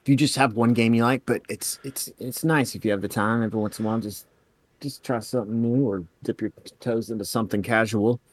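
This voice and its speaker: A man's voice: medium pitch, fairly even intonation, fairly quick. An enthusiastic man co-hosting a casual gaming podcast, who teases his co-host and often repeats his words. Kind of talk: casual chat.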